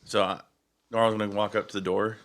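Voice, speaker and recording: A man's voice: lowish voice, little pitch movement, a little fast, fairly bright tone. A man playing a goblin in a casual tabletop role-play, talking in a drawling cowboy-like twang. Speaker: player voicing the goblin Gnarl.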